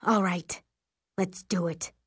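A woman voicing a reluctant mother who calls herself a non-practicing witch, sounding flustered and hesitant. She speaks slowly, and the audiobook sound is close and dry. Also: fairly low pitch, steady tone, slightly rough, no room sound. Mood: exasperated. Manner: hesitant, exasperated.

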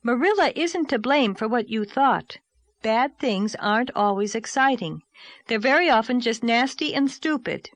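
A woman's voice: a little high, lively intonation, normal speed, dry recording, voice pushed up, close to an everyday voice. Woman doing an earnest, imaginative young woman. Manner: earnest, emphatic.

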